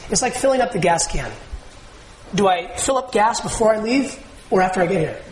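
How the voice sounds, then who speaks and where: A man preaching with a high voice, throwing questions out to the congregation and answering them himself. The sound is roomy and echoey, as if caught in a church hall. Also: animated, fairly quick, slight background noise. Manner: call-and-response preaching, asks the congregation questions. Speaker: pastor. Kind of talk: sermon.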